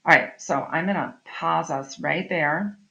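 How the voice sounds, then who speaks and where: A woman's voice: sits low, a little slow, vocal fry, fairly bright tone. A middle-aged woman teacher giving a recorded online literature lesson, explaining in a chatty way and often checking in with "right?". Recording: slightly dull lo-fi audio.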